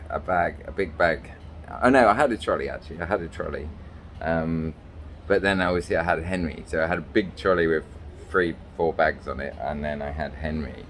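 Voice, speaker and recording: Rambling through a travel story full of ums and restarts, an English vlogger who makes fairies speaks from a small hotel room. His low voice has a slightly bright tone, with a little background noise audible.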